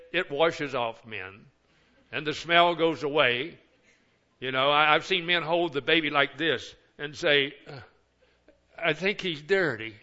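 A man's voice: fairly high pitch, bright, forceful tone, dull audio. An older man, a pastor of many years, preaching a sermon with folksy, joking asides.

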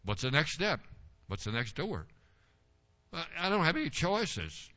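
An older man preaching a sermon as pastor, telling folksy stories and rising into forceful exhortation. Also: on the high side, very animated, a little slow, dull audio.

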